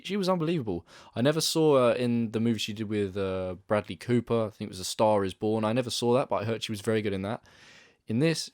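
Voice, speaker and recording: Low-voiced man giving a chatty film review. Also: dry recording, studio quality. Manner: chatty, rambling, frequent self-corrections. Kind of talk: casual spoken movie review.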